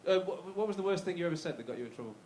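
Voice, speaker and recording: A man's voice: high-pitched, animated, rapid-fire, a little mellow, slight background noise. A man in his thirties from the Black Country in the West Midlands with a Black Country accent, doing a live stand-up routine in a comedy club. He is chatty and self-mocking and banters with the crowd. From Black Country, West Midlands, England. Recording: roomy live club sound.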